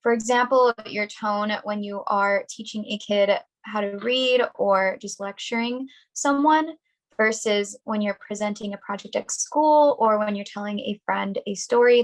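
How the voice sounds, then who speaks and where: A young woman on a video call reading a prepared workshop presentation in a clear, deliberate, instructional way. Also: medium pitch, rough recording.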